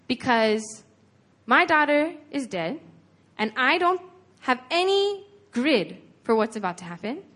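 A woman's voice: high-pitched, big pitch swings, unhurried, fairly bright tone. A woman preaching a sermon in an earnest, conversational way, retelling a scripture story with lots of casual "like"s.

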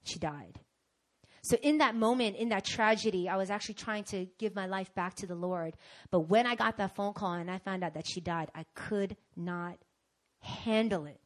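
A young woman preaching and telling a personal testimony, animated, swinging from hushed to loud. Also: mid-range voice, normal speed. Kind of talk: sermon testimony storytelling.

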